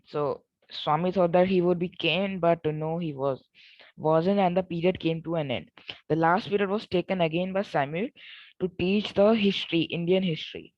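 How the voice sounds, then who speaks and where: A woman's voice: lowish voice, moderate pace, dry recording. A woman reading a story aloud, stopping to retell and explain parts in her own words, with self-corrections and fillers. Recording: dull, muffled recording.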